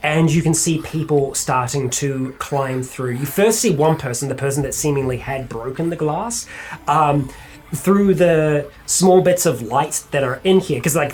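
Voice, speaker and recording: A man, narrating a tabletop game as game master in a rambling way, full of fillers and swearing. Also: on the high side.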